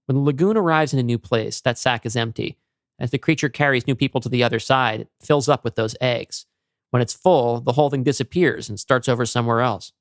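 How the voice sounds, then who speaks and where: A man voicing a weary, lonely grown man who talks in a calm, matter-of-fact way. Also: medium pitch, brisk, no echo, studio quality, natural voice. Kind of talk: podcast story reading.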